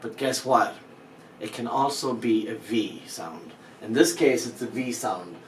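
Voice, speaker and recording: A man's voice: on the low side, unhurried. Male teacher, patient explaining voice, roomy echo, a little distant from the mic, faint noise behind. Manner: patient, explanatory, lightly joking. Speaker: language teacher. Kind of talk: spoken language lesson.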